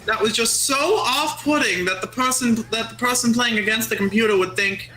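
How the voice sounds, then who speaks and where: A woman's voice: on the high side, moderate pace, few pauses, pushed and bright. A woman co-hosting a casual gaming stream, rambling playfully and repeating her own jokes. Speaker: stream co-host. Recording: roomy sound with faint music. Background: faint game music.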